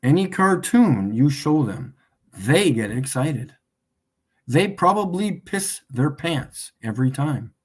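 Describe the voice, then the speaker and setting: A man hosting a casual livestream, mocking his viewers and laughing often as he repeats his points slowly for emphasis. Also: a little high, big pitch swings. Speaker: livestream host.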